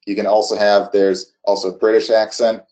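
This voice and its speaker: A man casually walking through a software demo on screen, halting often with restarts and fillers. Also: fairly low pitch, level tone. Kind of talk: casual screen-share walkthrough.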